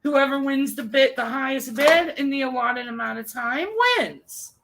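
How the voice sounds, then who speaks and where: A woman's voice: sits high, normal speed, a bit bright, poor audio. A woman co-hosting a casual chat, telling an exasperated, ranting story. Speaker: co-host.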